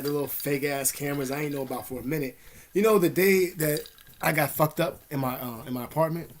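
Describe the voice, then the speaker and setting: A man's voice: medium pitch, slight background noise. A young man vlogging from an indoor room, telling a story in a rambling, profane, streetwise way. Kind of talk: casual storytelling to camera.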